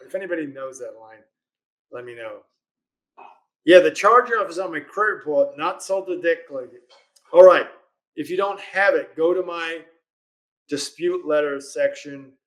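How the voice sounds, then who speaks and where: A man's voice: a little high, moderate pace, a bit bright. A man hosting a live question-and-answer stream, reading viewer questions aloud in a casual, chatty way and laughing often. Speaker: host of a live legal Q&A stream.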